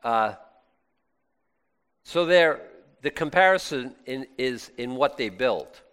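A male pastor delivers a sermon in an animated, chatty way, breaking off and restarting with exclamations. His voice swings widely up and down. It echoes in a hall with a long tail. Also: fairly high pitch, slow pace.

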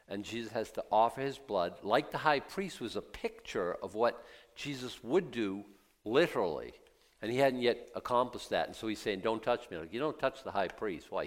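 Guy preaching a sermon, gets loud n excited then goes quiet, does little voices for the people in the story. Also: fairly low pitch. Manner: swings from quiet reflection to loud excited emphasis; acts out voices of biblical characters and doubters.

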